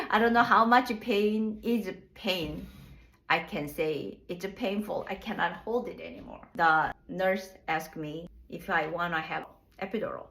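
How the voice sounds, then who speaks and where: A woman with a low, deep-set voice recounts something from her own life. She talks casually and frankly, often restarting her sentences and laughing at herself. The delivery is plainspoken storytelling rather than a performance. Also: gravelly, fairly bright tone, rough recording. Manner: loose, halting phrasing with restarts. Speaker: vlogger telling her birth story.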